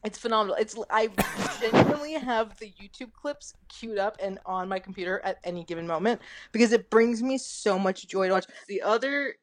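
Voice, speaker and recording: A woman's voice: medium pitch, brisk. A woman, a podcast guest, talking casually and laughing often as she gushes through scenes she loves. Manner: gushing, laughs while retelling scenes. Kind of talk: casual chat.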